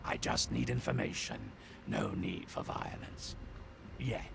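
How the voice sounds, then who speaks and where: A gruff, scheming quest-giver from a video game, with a very deep, gravelly voice that swings wildly in pitch. He drawls with quiet menace, and noise from the game audio sits behind him. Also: wildly swooping pitch, unhurried, exaggerated voice. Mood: menacing.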